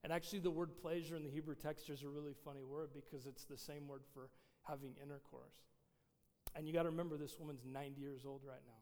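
A man's voice: fairly high pitch, steady tone, fast talker, darkish tone. A man, a pastor giving a casual, conversational sermon with many fillers. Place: church sanctuary. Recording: long reverb of a large hall.

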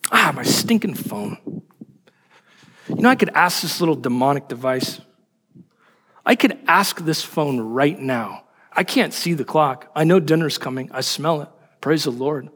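A man preaching a sermon in an animated, emphatic way, asking rhetorical questions. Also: on the high side, a little slow, slightly rough, big-room sound. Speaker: pastor.

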